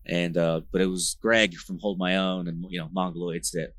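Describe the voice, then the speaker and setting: A man from New Jersey, a band vocalist, talking as a podcast guest in a rambling, slang-filled way with lots of fillers, getting animated as he tells stories. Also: sits low, moderate pace. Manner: rambling, filler-heavy slang talk with frequent "like" and "bro"; animated, gets louder when retelling tense moments. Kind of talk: casual conversational storytelling.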